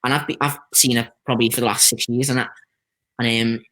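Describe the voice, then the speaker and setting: A man's voice: mid-range voice, fast talker. A man with a Liverpool accent, a stuntman telling stories in a casual interview. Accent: Liverpool (Scouse). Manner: chatty storytelling, lively anecdotes with quoted voices. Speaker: stuntman guest.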